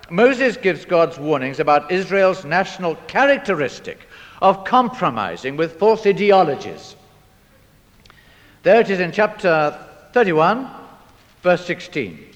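A preacher delivers his sermon with a lively, swooping voice that sits a touch high for a man. He reads out scripture and fires rhetorical questions at his listeners with dramatic flair. A long church reverb hangs behind every word.

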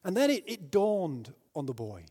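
A man from Britain preaching a sermon, telling a story and building to loud, emphatic peaks. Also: high voice, big pitch swings, moderate pace, husky. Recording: long hall reverb.

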